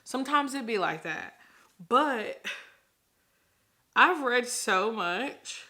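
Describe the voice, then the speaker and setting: A young woman chatting casually in a reading vlog, animated and laughing as she acts out her reactions. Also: fairly high pitch, slow pace. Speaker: book vlogger.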